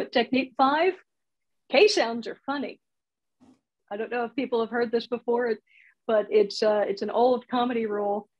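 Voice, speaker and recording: Chatty husky woman teaching comedy. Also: a little high, moderate pace, long pauses, lo-fi sound. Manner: chatty, laughs at her own examples. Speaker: comedy writing instructor. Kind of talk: casual online workshop talk.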